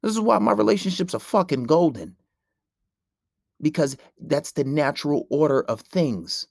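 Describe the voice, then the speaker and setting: Gravelly brash man ranting on a podcast. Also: a little high, lively intonation, normal speed, no echo, clean studio sound. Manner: brash, profane and preachy. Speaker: podcast host. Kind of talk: solo podcast rant.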